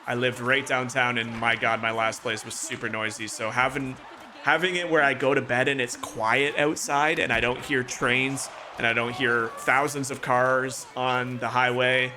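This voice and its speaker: A man's voice: mid-range voice, level tone, a little slow, noisy background. A man from Toronto, Canada, streaming a hockey video game and calling the play-by-play with chatty asides. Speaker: gaming streamer.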